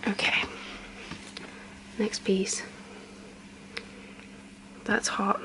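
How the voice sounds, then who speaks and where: Brief: young woman, whispered ASMR role-play, unhurried, soft friendly chatter, faint background hiss. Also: medium pitch, fairly even intonation. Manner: soft whisper with chatty asides, counting slowly. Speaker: ASMR creator.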